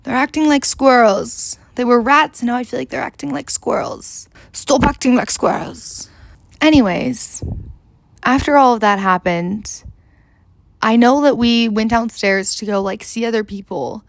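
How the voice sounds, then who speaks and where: A woman's voice: fairly high pitch, moderate pace, vocal fry, no room sound. A young woman vlogger telling a rambling story in casual chat, full of "like" and the odd swear.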